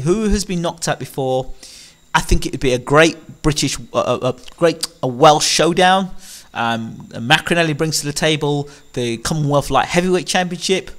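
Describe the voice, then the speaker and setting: Male commentator, slightly high pitch, opinionated and animated delivery. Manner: animated, rhetorical questions, frequent ums. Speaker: boxing commentator.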